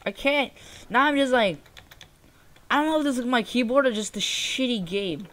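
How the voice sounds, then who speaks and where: A woman's voice: fairly high pitch, moderate pace. A young woman giving casual gameplay commentary while complaining about a shooter game, exasperated and sarcastic. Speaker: gaming youtuber.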